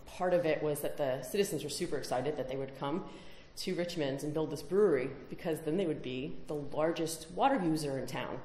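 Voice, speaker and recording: A woman's voice: deep voice, brisk, hardly any pauses, dark tone, roomy sound, slight background noise. A woman giving a conference talk, emphatic, with rhetorical questions. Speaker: conference speaker. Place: conference hall.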